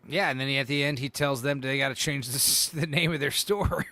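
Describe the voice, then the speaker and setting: A man's voice: mid-range voice, a little fast, bright, forceful tone, no room sound. A man co-hosting a casual podcast chat, rambling and swearing, full of "like" and "you know". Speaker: podcast co-host.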